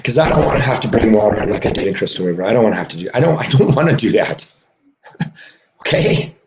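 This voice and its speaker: A man delivering an emotional monologue, agitated and swearing, swinging from low mutters to shouting. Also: animated, quick pace, gravelly, slight background noise. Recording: echoey room.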